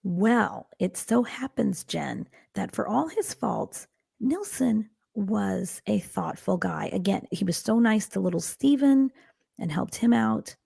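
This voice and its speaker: A woman co-hosting a true-crime podcast, telling the case with wry dark humor. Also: medium pitch, lively intonation, slow pace, gravelly, slightly rough, dry recording, clean studio sound. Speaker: podcast co-host and storyteller. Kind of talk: casual true-crime storytelling.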